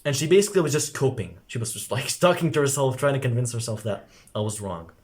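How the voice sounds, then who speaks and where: A young man at a middle pitch delivers a loose coaching monologue to camera. He rambles, packs his sentences with filler words and swears offhandedly, calling the listener "bro". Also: very animated, fast, a little mellow. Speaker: self-improvement coach.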